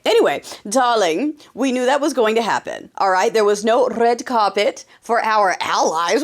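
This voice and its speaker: Give me a woman hosting a podcast, chatting in a sarcastic, animated way. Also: fairly high pitch. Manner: sarcastic and animated, quick asides. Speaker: political commentary podcast host. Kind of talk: casual monologue.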